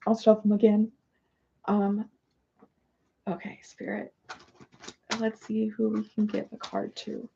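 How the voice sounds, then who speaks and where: Gravelly, mellow-voiced woman rambling on stream. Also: medium pitch, completely flat delivery, a little slow, long pauses, highs cut off, a little hiss or hum. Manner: rambling, chatty, apologetic. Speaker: livestream host doing oracle card readings. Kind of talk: casual livestream chat.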